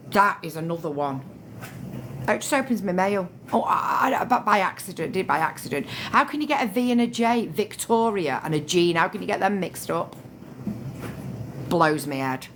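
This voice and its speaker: A woman's voice: lowish voice, expressive, normal speed, fairly bright tone, a little hiss or hum. Chatty woman on a phone livestream. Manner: chatty, thanks viewers by name, swears freely. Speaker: livestream host. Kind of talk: casual livestream chat.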